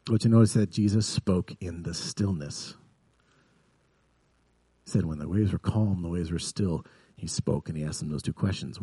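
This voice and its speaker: Male pastor, low husky voice, dry close sound; earnest sermon delivery. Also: normal speed, pauses often, no echo. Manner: earnest, builds to vivid emphasis then drops soft.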